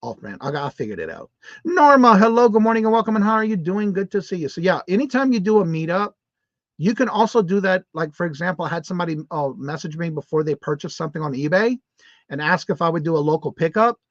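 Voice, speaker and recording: A man's voice: a little high, animated, fast talker, no echo. A man hosting a casual morning live show, chatty and upbeat, rambling with restarts as he reads viewer comments aloud. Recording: dull, muffled lo-fi stream audio.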